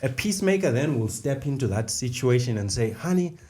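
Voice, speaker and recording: A man's voice: mid-range voice, sing-song, a little fast, a little mellow, a little hiss or hum. A middle-aged man co-hosting a faith podcast, explaining ideas step by step and repeating the key phrases. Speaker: podcast co-host. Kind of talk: conversational faith discussion.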